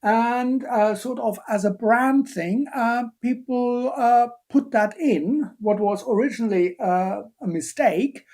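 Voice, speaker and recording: A man's voice: extremely high pitch, takes it slowly, few pauses, darkish tone. A man giving a live-streamed biochemistry lecture, talking hesitantly with many fillers and playful asides while he answers questions from the chat.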